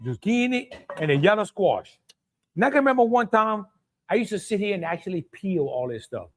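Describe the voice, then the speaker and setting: Hosting a live cooking stream, a middle-aged Louisiana man with a Cajun accent talks in a folksy way and greets viewers by name. His voice sits high, and he's very animated and brisk.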